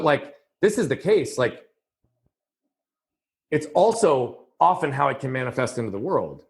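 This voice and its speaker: A man who works as a performance coach, talking earnestly as a podcast guest, often using "like" as a filler. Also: mid-range voice. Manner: quick, earnest, emphatic with "like" fillers. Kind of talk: casual podcast conversation.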